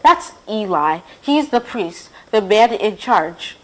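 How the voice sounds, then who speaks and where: A woman's voice: medium pitch, expressive, slow, fairly bright tone, poor audio. A woman voicing a cheerful, encouraging girl companion in a storybook reading.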